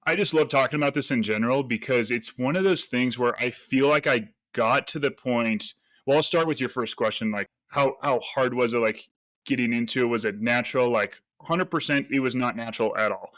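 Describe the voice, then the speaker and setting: Animated man telling sales stories. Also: mid-range voice, brisk, no room sound. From United States. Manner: animated storyteller, acts out quoted voices. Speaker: real estate agent, podcast guest. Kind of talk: casual interview talk.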